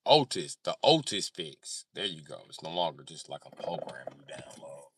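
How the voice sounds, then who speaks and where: A man's voice: very deep voice, big pitch swings, normal speed, a bit bright, slightly rough, no room sound. A man chatting on a livestream, joking and cursing in a rambling way. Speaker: livestream host. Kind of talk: casual livestream chat.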